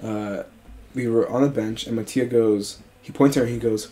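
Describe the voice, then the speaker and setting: Animated, profane young male storyteller. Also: medium pitch, moderate pace. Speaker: podcast co-host. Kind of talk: casual storytelling chat.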